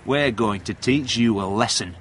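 A man voicing a jealous young bully in a read-aloud story, speaking slowly and threateningly. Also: medium pitch, fairly bright tone, slight background noise, lightly acted. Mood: menacing.

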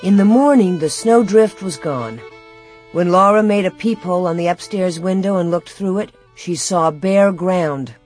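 A woman's voice: fairly low pitch, darkish tone, soft background music. Woman reading a storybook aloud. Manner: measured, clear storytelling. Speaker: narrator. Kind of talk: audiobook reading.

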